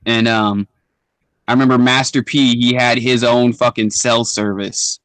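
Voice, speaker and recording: A man's voice: mid-range voice, steady tone, measured pace, fairly bright tone, clean tone, no echo. A young man co-hosting a podcast in casual chat, laid-back and full of slang and swearing. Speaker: podcast co-host.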